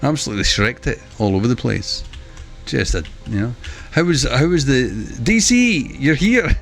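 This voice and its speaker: A man giving chatty live commentary while streaming a video game, breaking into excitable exclamations. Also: mid-range voice, normal speed, vocal fry, faint music behind.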